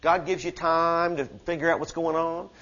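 A man preaching a sermon to a church service, fervent and conversational, dropping to hushed asides and rising to shouted questions with call-and-response. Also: on the high side, flat delivery, moderate pace, dull audio. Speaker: pastor.

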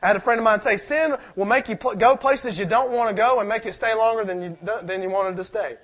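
A man's voice: high voice, fairly quick, fairly bright tone. A man preaching a sermon, reading scripture aloud and asking the congregation questions in a conversational way.

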